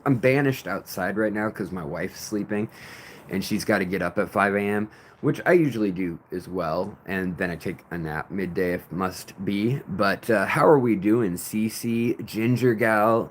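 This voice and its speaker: A man's voice: fairly low pitch, a little hiss or hum. A man hosting a casual late-night livestream from outdoors, rambling loosely and greeting viewers by name. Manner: loose and rambling, reads chat names, sometimes raps along. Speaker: livestream host.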